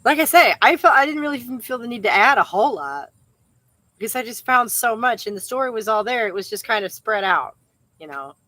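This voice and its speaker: A woman's voice: on the high side, very animated, a little fast, pushed and bright, no room sound, rough recording. A woman hosting a podcast in a casual, chatty way, laughing often and trailing into filler phrases. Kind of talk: casual chat.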